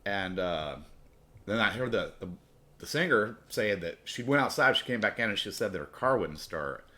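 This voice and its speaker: A man's voice: lowish voice, animated, moderate pace, sharp tone. A man telling a rambling, profane personal story as host of his podcast. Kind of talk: casual storytelling.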